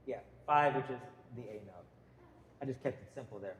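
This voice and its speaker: A man's voice: mid-range voice, a little fast. A man teaching a guitar class, counting beats and calling out note letters for his students to say together. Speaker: music teacher. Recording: echoey room, faint noise.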